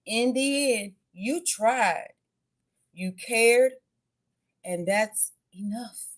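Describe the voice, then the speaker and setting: A woman with a slightly high voice gives her viewers a casual tarot and oracle card reading, chatty and blunt, swearing freely and calling them babies and y'all.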